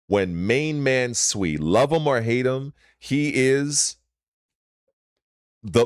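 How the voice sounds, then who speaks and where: A man hosting his own channel, delivering a heated, profane rant, swinging between loud emphasis and low muttering. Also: no room sound, clean studio sound. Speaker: channel host.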